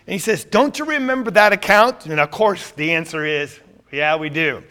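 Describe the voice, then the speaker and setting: Bright, high-voiced male Bible teacher. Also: big pitch swings, fairly quick. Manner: asks the class questions and answers them himself. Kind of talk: interactive Bible class teaching.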